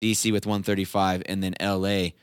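A man's voice: sits low, level tone, a little fast, clean tone, dry recording, clean studio sound. A man hosting a casual team chat, reading out results with upbeat energy. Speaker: host.

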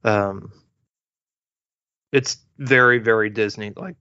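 A man with a lowish, smooth voice speaks slowly as he hosts a podcast, rambling through a movie review in a relaxed way. He relies on many fillers and restarts. The recording is dull, lo-fi, and dry, with no room sound.

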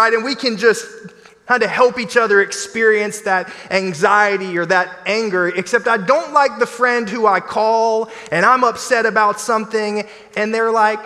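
A man preaching a sermon as pastor, in an animated, conversational style with playful asides. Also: sits high, moderate pace. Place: church sanctuary. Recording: long church hall reverb.

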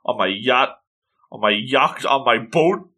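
A man voicing a suave, vain young male fire wizard in a cartoon recap, smooth and smug. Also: medium pitch, measured pace, pushed and bright. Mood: showy.

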